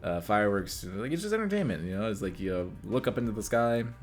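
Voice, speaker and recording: A man hosting an anime reaction video, talking in a rambling, excitable way with many restarts. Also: fairly low pitch, fast talker, soft background music. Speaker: reaction channel host. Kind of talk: casual anime reaction commentary. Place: home room lit by reaction lamps.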